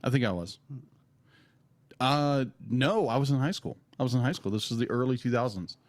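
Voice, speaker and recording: A man in his thirties co-hosting a casual film review podcast, excitable and rambling as he tells stories. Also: medium pitch, moderate pace. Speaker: podcast co-host.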